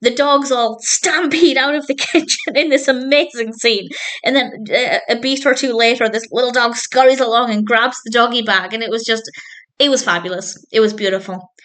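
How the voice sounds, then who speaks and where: A woman's voice: a little high, moderate pace, a bit bright. A woman reviewing a TV episode in a casual, enthusiastic way, laughing often and getting emotional. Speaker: film and TV reviewer.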